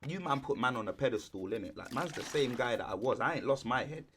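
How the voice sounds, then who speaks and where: A young man, co-hosting a podcast in relaxed chat full of street slang. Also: mid-range voice, fast talker, slight background noise. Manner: laid-back, heavy street slang. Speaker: podcast co-host. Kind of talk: casual chat.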